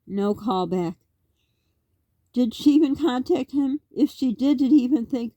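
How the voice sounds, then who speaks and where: A middle-aged Canadian woman vlogs straight to camera in a rambling, worked-up monologue packed with rhetorical questions. Her voice is fairly high, expressive, unhurried, and mellow, and the lo-fi recording has no room sound.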